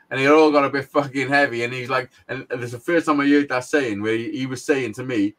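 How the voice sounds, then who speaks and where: A man's voice: medium pitch, steady tone, fast, hardly any pauses, fairly bright tone. A middle-aged man, co-hosting a podcast and telling a blunt, sweary story with frequent laughs. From Wales. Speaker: podcast co-host. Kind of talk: casual storytelling chat.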